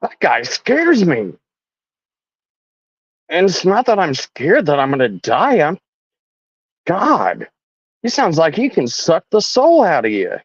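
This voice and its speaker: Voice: medium pitch, wildly swooping pitch, takes it slowly, long pauses, slightly rough, dry recording, muffled recording. A livestream host ranting casually in a sarcastic, mocking way.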